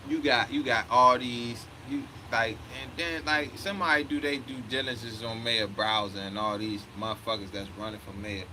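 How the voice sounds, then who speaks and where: A man's voice: mid-range voice, steady tone, moderate pace, hardly any pauses, noisy background. Profane, heated man in his thirties. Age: 30s. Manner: profane, heated, quotes himself a lot. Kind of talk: casual storytelling rant.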